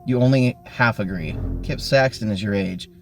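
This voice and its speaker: A man's voice: lowish voice, moderate pace. A man hosting a podcast and theatrically reading a gamebook aloud. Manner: animated, theatrical read-aloud. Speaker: podcast host and narrator. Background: background music.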